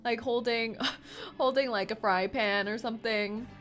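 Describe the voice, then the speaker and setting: A woman's voice: fairly high pitch, a little slow, faint music behind. A young woman streaming a story game, reading its text aloud and reacting playfully with frequent laughs and gasps. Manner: excitable and playful, laughs often, gasps and jokes between read lines.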